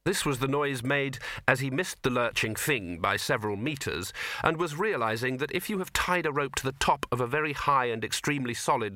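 A man narrates a comic fantasy audiobook with a bright, forward tone. The sound is dry and close, with no room around it. He tells the story in a wry, deadpan way. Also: mid-range voice, no echo. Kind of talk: scripted narration.

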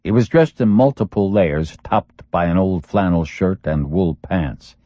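A man reading a thriller audiobook in a steady, measured storytelling voice. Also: low voice, no room sound. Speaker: audiobook narrator. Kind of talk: scripted thriller narration. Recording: dull lo-fi dry recording.

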